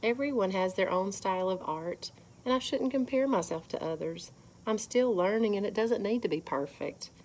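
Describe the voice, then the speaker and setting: A woman leading a children's lesson at church, gently guiding them through counting and calm breathing. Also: medium pitch, normal speed.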